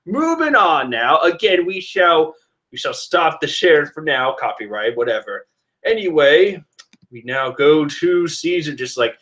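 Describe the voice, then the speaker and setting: Animated man rambling through a comic. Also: a little high, a little slow. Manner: animated, rambling, with laughs and restarts. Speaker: reader reacting to a comic chapter. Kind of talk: casual reading commentary.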